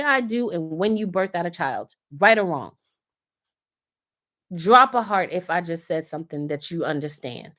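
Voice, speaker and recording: A woman's voice: medium pitch, expressive, moderate pace. A woman in her thirties or forties, hosting a casual live stream and giving earnest, preachy advice drawn from her own life. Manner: earnest, preachy, tells personal stories. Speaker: host of a faith-based live stream.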